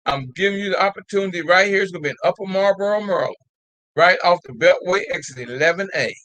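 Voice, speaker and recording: High, bright-voiced older male host. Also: quick pace, no echo, low-quality recording. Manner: exhorting and repetitive, drawls folksy "y'all". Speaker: host of a call-in talk show. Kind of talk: casual live call-in talk.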